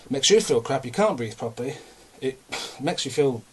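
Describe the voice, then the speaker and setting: A man's voice: mid-range voice, animated, brisk, husky. A young man, talking in a casual, rambling and self-mocking way, a bit out of breath. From England. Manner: ranting, self-mocking, chatty. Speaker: vlogger.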